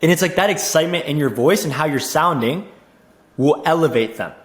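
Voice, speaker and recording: A young man coaching on sales in a casual teaching monologue, energetic, repeating himself and saying "like" and "dude" a lot. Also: on the high side, fairly quick, echoey room. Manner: energetic, repeats words, says "dude" and "like" often.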